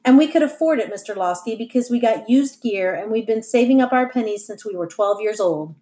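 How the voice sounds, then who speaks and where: A woman's voice: on the high side, expressive, fairly quick, warm tone, close to an everyday voice. A woman voicing an eager, friendly teenage boy musician who explains things in an upbeat, earnest way.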